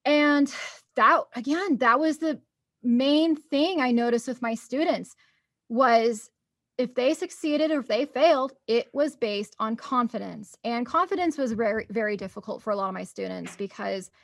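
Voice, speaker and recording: A woman's voice: on the high side, normal speed, gravelly, no echo, studio quality. A young woman telling stories in a casual chat, bubbly and laughing often.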